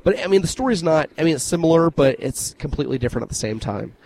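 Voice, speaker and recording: A man with a slightly high voice co-hosting a casual podcast. He tells stories with lots of animation and swears freely as he chats. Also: animated, fast talker, gravelly, a little mellow, poor audio. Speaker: podcast co-host. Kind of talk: casual chat.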